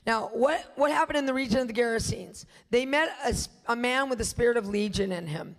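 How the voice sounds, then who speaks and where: A woman's voice: on the high side, brisk. Emphatic woman preaching in an echoey space. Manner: emphatic, rhetorical questions to the audience. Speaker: guest minister teaching. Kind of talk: preaching a sermon.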